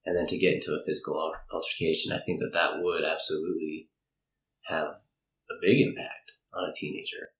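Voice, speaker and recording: A male interviewer with a very deep, flat voice that still has a bright, forceful edge. He speaks in long, measured, sympathetic sentences. The room adds a noticeable echo. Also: slight background noise. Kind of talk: reflective interview response.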